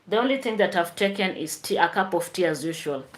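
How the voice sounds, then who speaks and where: A woman's voice: fairly low pitch, expressive, a little fast. A woman teacher hosting a chatty live stream, tired after work, answering viewer comments.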